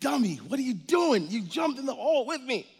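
A man voicing a panicked man stuck at the bottom of a hole, yelling for help. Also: on the high side, animated, slow pace, long reverb tail. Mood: exasperated.

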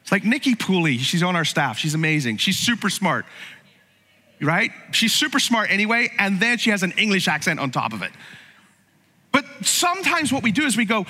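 A man's voice: high-pitched, very animated, normal speed, pushed and bright, in a large hall. A man preaching a sermon as pastor, conversational and humorous, with frequent asides to the congregation.

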